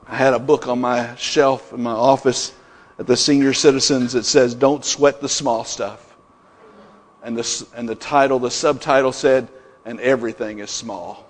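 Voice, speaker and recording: A middle-aged male pastor preaching a sermon, building emphasis through repeated declarations. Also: mid-range voice. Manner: preaching with rising emphatic repetitions. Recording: long reverb in a hall.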